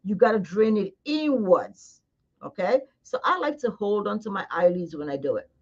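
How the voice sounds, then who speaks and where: A woman's voice: mid-range voice, very animated, normal speed, darkish tone. A woman esthetician giving a casual live demonstration, chatty and coaxing, talking straight to her viewers. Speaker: esthetician demonstrating face massage. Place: skincare studio. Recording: slightly dull lo-fi sound.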